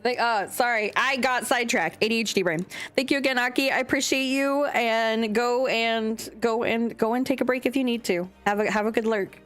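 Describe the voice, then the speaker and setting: A woman's voice: on the high side, moderate pace, hardly any pauses, fairly bright tone. A young adult woman streamer chatting casually and scatteredly with her chat, swearing now and then. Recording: faint music behind.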